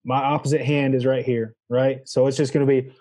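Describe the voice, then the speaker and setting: A man guest on a podcast with a mellow, warm-toned voice. He explains a hands-on technique step by step in a practical, matter-of-fact way, sometimes demonstrating the sounds he describes. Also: mid-range voice, flat delivery, a little fast. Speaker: guest, goose calling champion. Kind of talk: casual interview answers.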